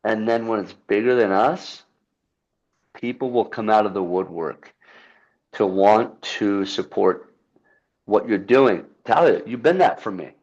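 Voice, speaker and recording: A man's voice: lowish voice, unhurried, darkish tone, highs cut off. A man being interviewed as a guest, talking earnestly and emphatically about a film he made and about holding yourself accountable. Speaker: podcast guest, filmmaker. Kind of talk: earnest motivational talk.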